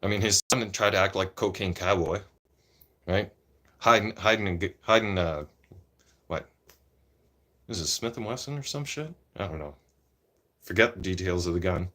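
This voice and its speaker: Here a Canadian vlogger with a deep, slightly bright voice talks at normal speed and pauses often. His casual political rant to camera is opinionated and meandering, full of repetition and lines capped with "right?".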